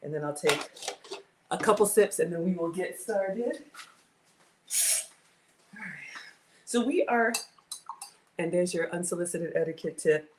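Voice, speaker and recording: A woman's voice: lowish voice, measured pace, pauses often, noisy background. A woman in her forties hosting a casual home cooking livestream from her kitchen, chatty and greeting viewers by name.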